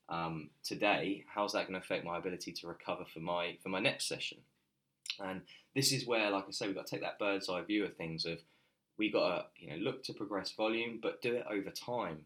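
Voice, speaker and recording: A man with a deep voice explains training in relaxed podcast talk. He rambles a little, full of ums and self-corrections, like a coach thinking aloud. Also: fairly quick. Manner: loose and conversational, many fillers and restarts. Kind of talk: casual podcast chat.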